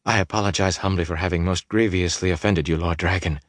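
A man voicing a proud noblewoman, now humbled and frightened, in a breathy, pleading voice in an audiobook. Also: low voice, moderate pace, no echo, clean studio sound, close to an everyday voice.

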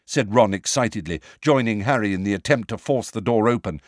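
A man reading a storybook aloud as an audiobook narrator, in an expressive, measured style on a close mic. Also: fairly low pitch, no room sound.

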